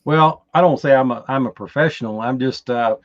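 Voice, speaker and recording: Halting Texan man, slightly dull sound. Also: mid-range voice, no echo. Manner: halting, repeats words as he explains. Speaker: podcast guest, chatbot enthusiast. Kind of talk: casual interview talk.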